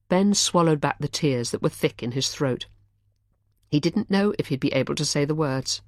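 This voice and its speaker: A woman narrating an audiobook thriller in an expressive, measured storytelling manner. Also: extremely low pitch, no echo, clean studio sound.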